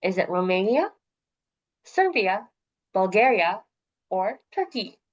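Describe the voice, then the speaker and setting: A woman's voice: medium pitch, big pitch swings, slow pace, muffled recording. A woman hosting a trivia night, reading each multiple-choice question and its options twice, with light jokes. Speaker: trivia quiz host.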